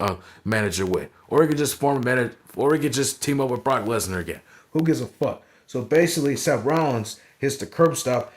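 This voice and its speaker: A man casually recapping and reviewing a wrestling match, swearing freely and dropping "right?" and "you know what I'm saying" after most sentences. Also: mid-range voice. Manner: profane, rambling, fillers like "right?".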